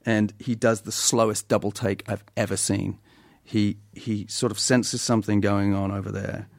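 A British actor as a podcast guest, telling animated stories with lots of restarts and laughs. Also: male voice, fairly low pitch, normal speed, gravelly, no room sound, studio quality. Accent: British English. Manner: animated storytelling, many restarts, laughs often. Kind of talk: podcast conversation.

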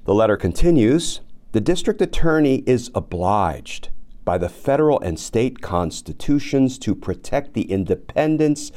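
A man's voice: medium pitch, very animated, a little slow, warm tone. A man hosting a legal commentary podcast, reading a letter aloud and paraphrasing it with sarcastic asides. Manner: sarcastic, addresses the absent target by name; reads quoted letter aloud then paraphrases it. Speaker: podcast host.

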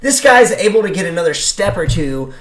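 A man's voice: high-pitched, very animated, a little fast, a bit bright. A man from Indiana co-hosting a casual sports chat, ranting heatedly and emphatically. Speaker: co-host.

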